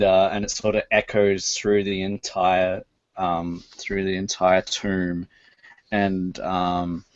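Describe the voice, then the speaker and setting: A man's voice: low-pitched, dry recording, muffled recording. A man as game master of a tabletop game, narrating hesitantly with many fillers over a voice call.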